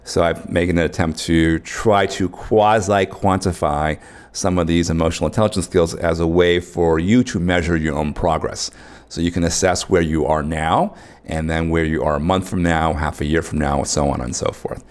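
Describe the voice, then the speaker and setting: A man's voice: deep voice, fairly even intonation, moderate pace. A man teaching an online course in a conversational way, often checking in with his listeners. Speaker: course instructor.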